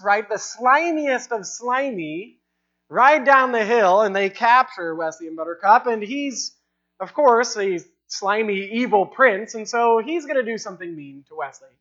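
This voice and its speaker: A woman preaching a sermon, stressing points by repeating lines and slowing into prayer. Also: a little high, fairly bright tone. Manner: emphatic, repeating lines for effect; ends in prayer with slow, drawn-out phrasing. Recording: dull, lo-fi recording.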